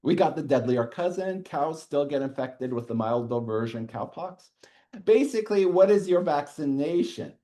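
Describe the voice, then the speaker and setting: A middle-aged man giving a university lecture in a classroom, animated and chuckling, often checking in with "okay". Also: on the high side, moderate pace.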